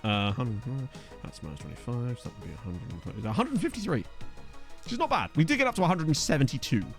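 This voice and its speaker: Young male game streamer, upbeat and bouncy delivery, self-deprecating storyteller over soft background music. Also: medium pitch, very animated, fast talker. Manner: rambling, self-mocking storyteller with frequent laughs. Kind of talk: casual gameplay chat with chat readers. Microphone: desktop USB mic.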